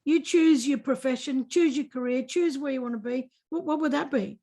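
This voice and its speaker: Gushing high-voiced Australian woman host. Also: normal speed, mellow. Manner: gushing, repeats herself, talks over guest. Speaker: podcast host. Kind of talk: effusive podcast interview over video call. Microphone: video call.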